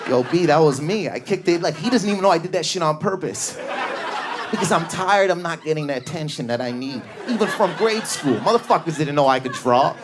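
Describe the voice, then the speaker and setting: A man's voice: on the high side, expressive, a little fast, background noise. A man doing stand-up comedy on a club stage, telling stories with frantic, raging energy and sudden shifts in tone. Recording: live club with crowd laughter.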